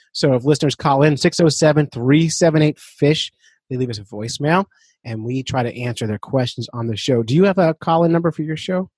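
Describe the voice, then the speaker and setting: A male podcast host with a slightly higher, husky voice talks in a loose, chatty way and breaks into laughter often. He is recorded close and dry, with no room sound around him. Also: no echo. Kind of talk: casual podcast chat.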